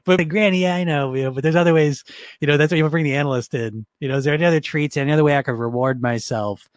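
A man's voice: fairly high pitch, very fast, dry recording. A man coaching a live online session, reading viewer comments and talking in an upbeat, rambling way with frequent restarts and laughs. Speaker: weight-loss coach.

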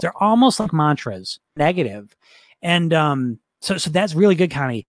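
Man, slightly high voice, upbeat rambling coach, reading chat comments, dry close mic. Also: very animated, normal speed, dry recording. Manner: upbeat, rambling, frequent restarts and laughs. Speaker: weight-loss coach.

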